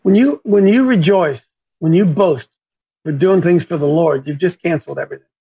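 A man's voice: on the high side, moderate pace, gravelly, slightly rough, muffled recording. A man hosting a talk radio show, preaching fervently and repeating his points for emphasis.

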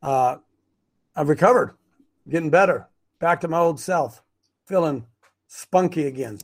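Gravelly rambling man hosting a livestream. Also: on the high side, a little slow. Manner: rambling, excitable, self-interrupting. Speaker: host of a preparedness group show. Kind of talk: rambling casual livestream talk. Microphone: webcam on a wobbly stand.

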